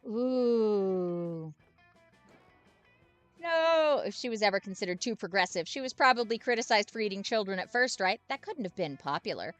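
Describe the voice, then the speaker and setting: A woman's voice: medium pitch, animated, moderate pace, no room sound, soft background music. Playful young woman narrating a game. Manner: playful, quippy. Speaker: game streamer.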